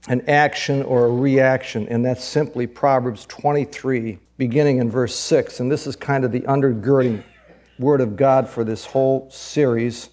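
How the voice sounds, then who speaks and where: A man's voice: medium pitch, darkish tone. A male pastor preaching a sermon in an earnest, conversational way, often repeating words.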